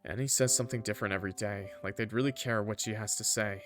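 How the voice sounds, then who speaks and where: A man voicing a blunt, level-headed young man in a story game, speaking in a flat, quiet, matter-of-fact way. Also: on the low side, fast talker, faint music behind, lightly acted.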